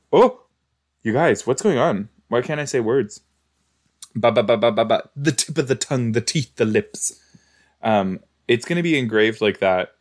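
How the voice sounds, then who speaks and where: Chatty man reacting to a show. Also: lowish voice. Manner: chatty, exclamatory, talks back to the screen. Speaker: reaction video host. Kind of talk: casual reaction commentary.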